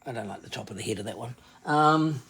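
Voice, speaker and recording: A woman's voice: extremely low pitch, lively intonation, fast, creaky, a bit bright, a little hiss or hum. A woman chatting casually to viewers while selling crystals on a live stream, calling out to them by name.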